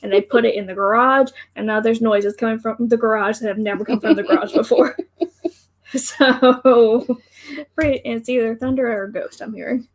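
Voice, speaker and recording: A woman's voice: a little high, fairly even intonation, normal speed. A young woman co-hosting a casual live stream, telling a story playfully and giggling. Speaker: co-host, daughter of the other host.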